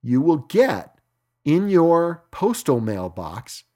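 A middle-aged man hosting a cycling podcast from his home studio, reading news items in a relaxed way with frequent filler words. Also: on the high side, takes it slowly. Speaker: podcast host. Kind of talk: solo podcast news segment.

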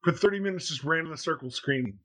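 A podcast host in his thirties with a slightly high voice, chatting casually. He tells a long story in a loose, rambling way, full of ums and uhs. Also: quick pace, bright, forceful tone. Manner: rambling anecdotal storytelling with many fillers. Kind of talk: casual chat.

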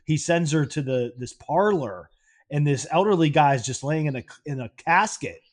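A man's voice: on the high side, expressive, moderate pace. A man co-hosting a podcast, casually recapping a film's plot with plenty of fillers. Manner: laid-back, recaps plots with fillers. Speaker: podcast co-host. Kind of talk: casual film discussion.

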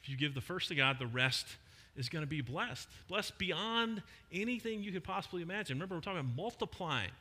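Bright-voiced pastor preaching in a hall. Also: male voice, sits high, lively intonation. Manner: conversational preaching with emphatic pauses. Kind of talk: sermon. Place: church hall. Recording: long hall reverb.

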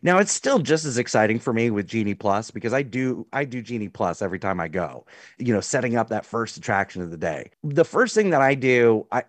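A man's voice: medium pitch, dry recording. Rambling man co-hosting a podcast. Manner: mock-indignant, rambling storyteller. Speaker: podcast co-host. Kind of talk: casual chat.

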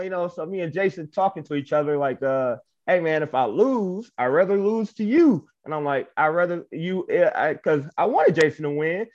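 A man's voice: on the high side, moderate pace, hardly any pauses, noisy background. A young man from Michigan, a wrestler being interviewed, telling his story casually, acting out what people said and laughing often. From Michigan, USA. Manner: animated, acts out quoted exchanges, laughs often. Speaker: professional wrestler, guest. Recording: muffled lo-fi audio.

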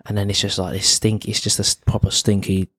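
A man's voice: on the low side, level tone, a little fast, a bit bright, breathy edge, no echo, studio quality. A young man, chatting casually as a podcast co-host and telling rambling stories full of restarts and tag questions. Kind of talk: casual chat.

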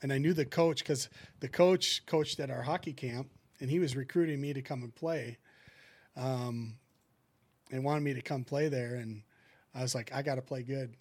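A middle-aged man spins hockey yarns in an easygoing, conversational way. His voice sits at an ordinary middle pitch, and he slips into the voices of the people in his stories as he goes. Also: moderate pace, slightly rough. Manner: animated anecdotes, acting out what people said. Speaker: guest, former hockey goalie who coaches goalies. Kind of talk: casual storytelling in a podcast chat.

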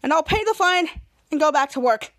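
Cocky male superhero, brash, loud, woman doing the voice, high-pitched. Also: expressive, brisk, no room sound. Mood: boastful. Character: cocky grown man superhero.

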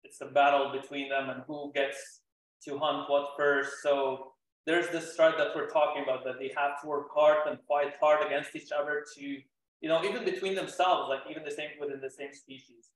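Caller guy, kinda high voice, polite, lots of ums, super echoey call line. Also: steady tone, moderate pace. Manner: hesitant, polite, many "um"s. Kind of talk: casual conversation.

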